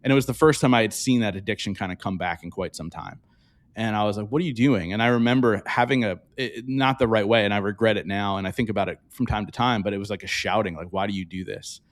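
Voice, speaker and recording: A man with a fairly low-pitched voice talks as a guest in a podcast interview. He is candid and reflective, and he answers in an earnest, open way. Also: fast. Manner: reflective, earnest, openly emotional.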